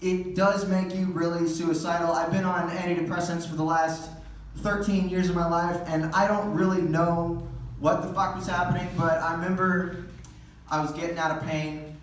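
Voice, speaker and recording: A man's voice: on the high side, flat delivery, normal speed, slight background noise. A male stand-up comedian telling crude, rambling stories with lots of fillers. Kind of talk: stand-up set. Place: comedy theater stage. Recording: echoey theater recording from far off.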